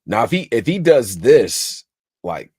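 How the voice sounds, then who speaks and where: A man's voice: mid-range voice, measured pace, slightly rough, no room sound, studio quality. A man co-hosting a casual podcast, animatedly recapping a rap battle and quoting lines. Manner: animated, repeats phrases, quotes bars. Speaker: podcast co-host.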